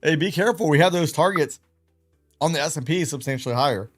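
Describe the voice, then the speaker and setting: Man, stream host, casual rambling chat, somewhat high-pitched, light music in background. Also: fast. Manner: rambling, animated, self-deprecating. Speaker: live trading stream host.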